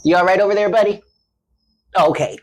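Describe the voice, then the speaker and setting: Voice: mid-range voice, brisk. A tarot reader giving a casual reading, affectionate and slangy, calling the listener honey and baby. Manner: chatty with frequent laughs.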